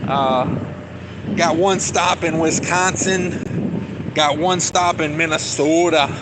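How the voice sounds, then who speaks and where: A man's voice: a little high, fairly even intonation, slow. A man truck driver on a casual live-stream vlog, talking loosely into a phone as he walks outdoors at a cold storage yard and answers viewer chat with lots of fillers. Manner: loose, chatty, thinks aloud with many fillers. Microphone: phone held while walking. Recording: loud running refrigeration units and vehicle noise outdoors.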